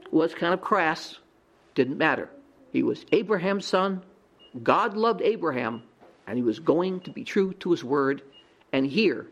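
A man's voice: high voice, muffled recording. A man teaching a Bible lesson as a sermon, asking his audience rhetorical questions.

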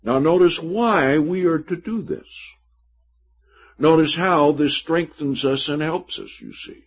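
A man's voice: on the high side, breathy edge. A man preaching a sermon, reading scripture aloud and stressing points emphatically. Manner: slow, emphatic Bible teaching with scripture readings. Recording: dull lo-fi recording.

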